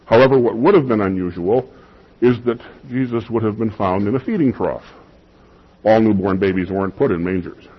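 Emphatic husky-voiced man preaching a sermon. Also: lowish voice, a little fast, dull audio. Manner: emphatic, repeats key phrases for weight. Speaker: pastor.

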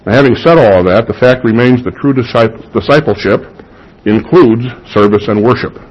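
A man's voice: medium pitch, a little fast, dull audio. A man preaching a sermon to his congregation in a church, building to emphatic peaks and asking the listeners questions. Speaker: pastor. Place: church sanctuary.

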